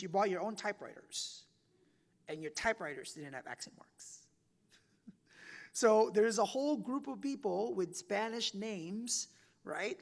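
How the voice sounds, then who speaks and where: A man in his forties from the Philippines, an author giving a chatty campus talk that leans on "right?" and "like", his loudness rising and falling a lot. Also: high voice, in a large hall. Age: 40s. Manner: chatty, often tags "right?" and "like", loudness swings widely. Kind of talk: conversational public talk. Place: university event room.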